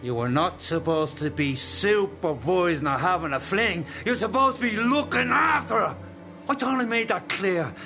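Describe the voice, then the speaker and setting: A man's voice: high-pitched, expressive, moderate pace, pushed and bright, soft background music, heavily acted. An Irish actor playing a domineering, menacing man called King in a radio drama. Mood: angry.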